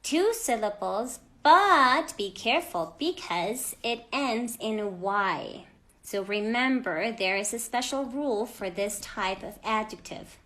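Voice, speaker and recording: A woman teaching an English grammar lesson to children, speaking clearly and deliberately and stressing each example word. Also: a little high, animated, bright, forceful tone.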